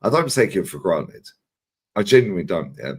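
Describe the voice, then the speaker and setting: A lively man hosting his channel's live chat, talking fast and loose with plenty of swearing. His pitch swings widely as he tells his stories, sitting on the lower side overall. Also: breathy edge. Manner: animated, swearing storyteller. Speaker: channel host.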